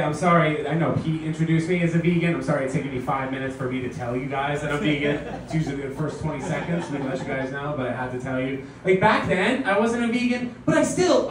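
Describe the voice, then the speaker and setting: A young man doing a stand-up comedy set at a house party, animated and slipping into mock voices of his mom and friends. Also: fairly high pitch, a little hiss or hum. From New York. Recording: echoey room, from a distance.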